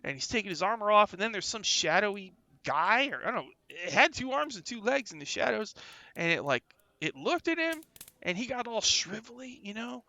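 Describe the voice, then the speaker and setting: A man's voice: high voice, very animated, brisk, sharp tone, no echo, heavily acted. A man voicing a twitchy, drug-addled male street dog who rambles in slang and gets defensive, in a tabletop game. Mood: rambling. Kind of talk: in-character role-play.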